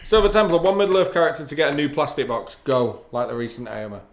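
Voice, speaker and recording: A man's voice: on the high side, quick pace. Chatty Irish-born man in a roomy room. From Ireland. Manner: chatty, reads viewer comments aloud, laughs easily. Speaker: co-host of a live hobby stream. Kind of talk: casual live-stream chat. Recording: roomy with faint background noise.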